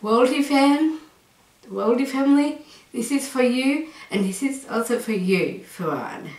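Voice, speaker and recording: A woman vlogging from home in a casual, rambling chat, laughing between almost every phrase. Her voice sits a little high and she talks slowly. The room around her adds a noticeable echo. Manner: excitable, rambling. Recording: roomy echo.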